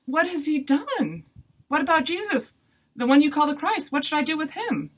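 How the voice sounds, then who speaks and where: A woman's voice: medium pitch, big pitch swings, normal speed, a bit bright, a little hiss or hum. A woman voicing a stern but uneasy male Roman governor, asking raised, pleading questions in a storybook reading.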